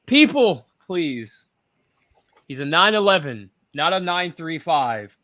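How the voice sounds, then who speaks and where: A man's voice: fairly high pitch, animated, moderate pace, bright, forceful tone, no room sound, studio quality. A man hosting a casual panel chat, talking in emphatic, rambling rants. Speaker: podcast host.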